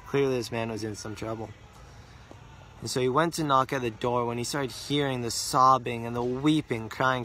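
A male storyteller narrates a religious tale earnestly, at a middle pitch. He repeats words for emphasis and slows down on details. A faint hum of background noise sits under his voice. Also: bright, forceful tone.

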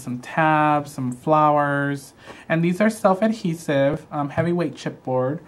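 A man's voice: fairly high pitch, slight background noise. A man hosting a live craft show, walking through products in a gushing, chatty way with frequent "um" fillers.

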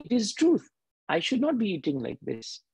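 Man retelling as a humble ascetic master, husky voice, dry close sound. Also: sits high, wildly swooping pitch, moderate pace, darkish tone, no room sound, pitched above the performer's own voice, full character voice. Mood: gently correcting. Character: calm, humble male ascetic teacher.

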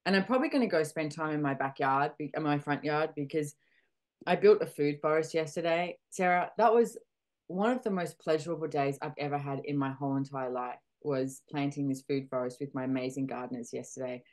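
A woman's voice: sits low, brisk, darkish tone. A middle-aged woman with an Australian accent talks candidly in a casual conversation and acts out her own reactions as she goes. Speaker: podcast host. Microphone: video call.

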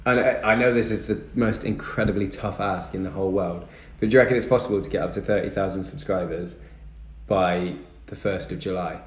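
Young man, casual streamer chat, lowish voice, echoey room. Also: a little fast. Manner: chatty, reads and answers viewer comments. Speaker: livestreamer. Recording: echoey room with music behind.

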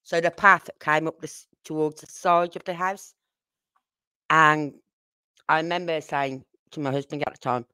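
Woman host, casual anecdote voice, clear tone, dry close recording. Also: deep voice, steady tone, normal speed, sharp tone, no echo. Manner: chatty, quotes her own past dialogue. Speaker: livestream host. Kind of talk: casual storytelling.

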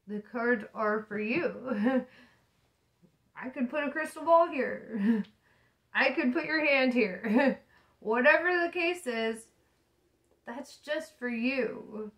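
A woman's voice: fairly high pitch, fairly bright tone, low-quality recording. A woman tarot reader talking casually to camera about spirituality, laughing often, swearing and speaking emphatically.

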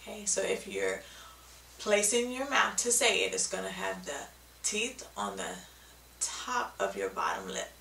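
Woman, patient teacher, bright voice, echoey room, mic at a distance. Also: medium pitch, sing-song, unhurried, vocal fry, slight background noise. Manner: patient, explains step by step, often checks with "okay?". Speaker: speech therapy teacher. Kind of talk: instructional video lesson.

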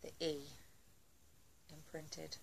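A woman talks through a beauty haul from her home, chatty and full of gushing asides. Her voice sits low with a gravelly edge. A faint hiss of noise sits behind the recording. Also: completely flat delivery, very slow, rough recording. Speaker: beauty vlogger. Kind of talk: casual haul review.

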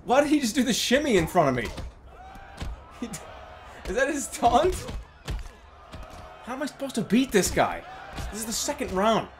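A man commentating his gameplay with loud, exasperated ranting. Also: very high-pitched, wildly swooping pitch, moderate pace, long pauses. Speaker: streamer.

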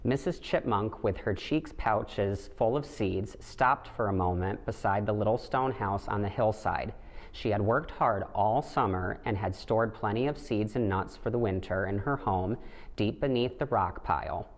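Deep-voiced man reading a picture book. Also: unhurried. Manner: gentle, steady storytelling with light voices for the animals. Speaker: storybook reader. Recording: long hall reverb.

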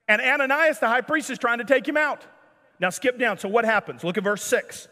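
A man preaching a sermon as pastor, animated and jokey, acting out the scripture scenes. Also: very high-pitched, a little fast, in a large hall. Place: church sanctuary.

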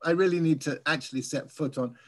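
A man from England whose English accent has softened over years in the US, a guest speaker telling relaxed, chatty stories in a Q&A over a video call. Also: on the high side, fast. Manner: relaxed, chatty storytelling with light laughs. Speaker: guest speaker, birding tour leader. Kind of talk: casual Q&A after a talk.

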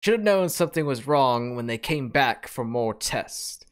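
A man's voice: medium pitch, expressive, measured pace, clear, resonant tone, close to an everyday voice. A man doing a cocky convict's journal voice. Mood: anxious. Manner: reads the log aloud in a put-on accent. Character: male convict test subject, cocky and defiant.

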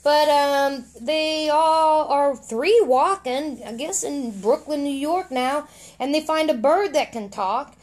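A woman's voice: high voice, slow, a little mellow. Meandering middle-aged woman reading aloud. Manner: meandering, hesitant, many fillers. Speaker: podcast guest reader. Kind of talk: casual storybook reading on a podcast.

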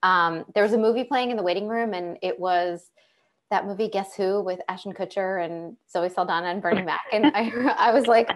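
A young adult woman on a panel tells her own story in a conversational personal account, with lots of fillers and restarts. Her mid-range voice holds a steady tone at a moderate pace.

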